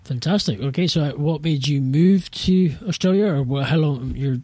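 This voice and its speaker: A man hosting a podcast interview, asking rambling, halting questions in a casual way. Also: a little high, warm tone, a little hiss or hum. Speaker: podcast host.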